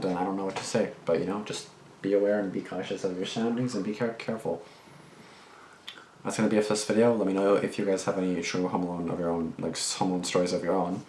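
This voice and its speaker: A man's voice: sits low, a little mellow. A young man casually rambling through reaction commentary and a personal story, full of fillers, restarts and swearing. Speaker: reaction channel host. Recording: echoey room with faint background noise.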